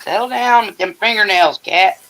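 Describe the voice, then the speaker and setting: An older man hosts a casual livestream from his home, telling crude stories in a blunt, profane way. His voice has a bright, edgy tone. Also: high-pitched, normal speed, rough recording. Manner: blunt, profane storytelling with laughter. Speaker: livestream host. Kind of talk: casual chat.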